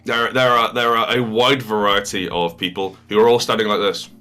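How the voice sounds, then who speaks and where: Bright-voiced man running a tabletop game. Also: on the low side, fairly even intonation, normal speed, soft background music. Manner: improvised, hesitant, laughs often. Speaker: game master.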